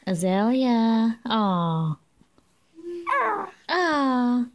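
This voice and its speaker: A woman's voice: fairly high pitch, animated, very slow, background noise. A woman filming her children at home on a handheld camera, speaking in cooing, sing-song baby talk. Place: at home, indoors.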